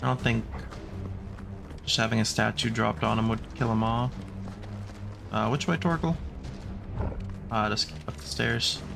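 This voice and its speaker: A man giving relaxed, casual commentary on a video game as he plays, narrating each move. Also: lowish voice, measured pace, gravelly, long pauses. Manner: relaxed, narrating his moves. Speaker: streamer. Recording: voice over game music.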